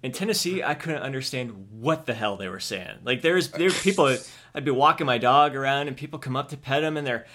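Chatty Canadian podcast host. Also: male voice, mid-range voice, brisk, a bit bright. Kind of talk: casual podcast chat.

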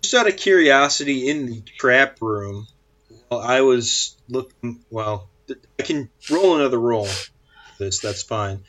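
Dude playing a tabletop game, bright voice, kinda dull lo-fi recording, asks lots of questions. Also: male voice, medium pitch, animated, a little slow. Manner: joking, inquisitive. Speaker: player. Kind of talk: casual chat at a tabletop game. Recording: dull lo-fi sound.

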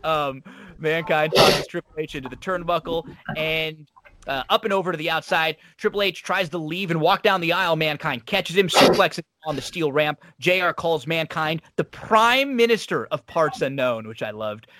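Male podcast host, chatty recap delivery, bright and a bit higher-pitched, dry close sound. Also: no echo. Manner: chatty, rambling with fillers and restarts. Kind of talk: casual play-by-play recap.

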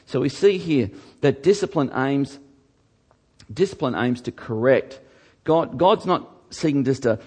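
A middle-aged man delivers a sermon in a mid-pitched voice. He speaks earnestly and with emphasis, often circling back to repeat a word or phrase for weight. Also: animated, slow pace, darkish tone, breathy edge. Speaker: pastor.

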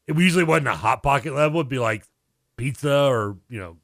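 A man's voice: medium pitch, expressive, a bit bright, no room sound, clean studio sound. A man co-hosting a sports radio show, firing off incredulous questions in casual chat. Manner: incredulous, rapid questions, frequent laughs and "I mean". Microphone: studio microphone.

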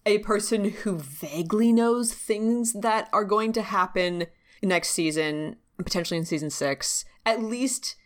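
A woman co-hosts a podcast in a casual chat, laughing often and swearing freely. Her voice is mid-range and unhurried.

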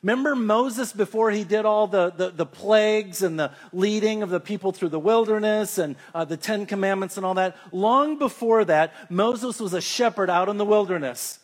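Preaching a sermon, this man tells Bible stories in a conversational way and slows down when reading scripture. His voice sits high.

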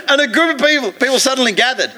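Australian comic guest, high bright voice, brash laughing storyteller. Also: male voice. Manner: rowdy, sweary, laughing through his story. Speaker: comedian guest. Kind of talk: live comedy podcast anecdote. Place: theatre stage before an audience.

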